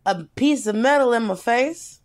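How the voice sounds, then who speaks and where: A woman co-hosting a casual comedic podcast, telling personal stories in an animated, candid way with casual swearing. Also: a little high. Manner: animated, candid storytelling with swearing and quick bursts. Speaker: podcast co-host.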